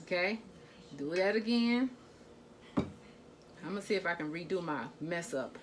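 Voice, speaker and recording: Cooking at home on camera, a woman vlogger chats with her audience as "y'all" and "guys" in a lowish voice with lively intonation. She keeps a measured pace, and there's slight background noise.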